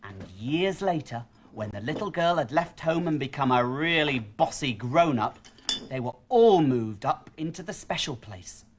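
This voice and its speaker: A woman voicing a patient, friendly puppet storyteller in a children's show, telling the tale with lively character voices. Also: a bass voice, unhurried, noisy background.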